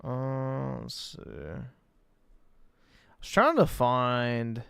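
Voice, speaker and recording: A man's voice: mid-range voice, lively intonation, extremely slow, creaky, a bit bright, smooth, dry recording, clean studio sound. A man hosting a stream, making laid-back, offhand comments while watching videos. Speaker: streamer host reacting to videos.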